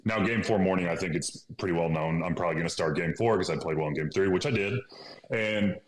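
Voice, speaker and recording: A man in his thirties from Illinois, a podcast guest telling a story in an animated, casual way and often laughing. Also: low-pitched, fast talker. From Illinois, USA. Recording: echoey room.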